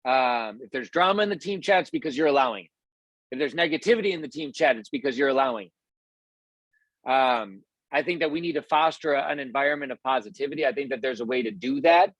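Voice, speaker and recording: A fast-talking man motivates his team in a casual, meandering way, starting over again and again. Quoted voices come out higher and louder as he acts them out, and the recording is dry.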